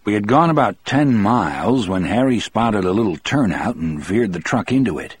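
Male audiobook narrator, first-person novel: deep, husky, measured, dry close recording. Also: animated, no echo.

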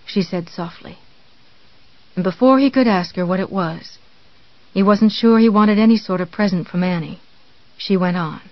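Audiobook reader, steady and even, dry muffled sound. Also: mid-range voice, moderate pace, dry recording. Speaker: audiobook narrator. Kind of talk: scripted narration.

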